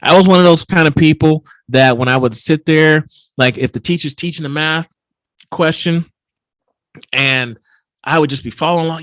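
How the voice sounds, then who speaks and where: A man giving a keynote at a virtual summit, telling a personal story in an animated, emphatic way. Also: a little high, fairly quick, dry recording. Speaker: keynote speaker. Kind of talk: storytelling talk.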